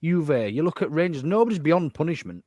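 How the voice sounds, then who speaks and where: A man's voice: fairly high pitch, lively intonation, fairly quick, darkish tone. A man co-hosting a fan podcast, making earnest points that he stumbles over as he goes. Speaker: podcast co-host. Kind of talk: casual podcast chat.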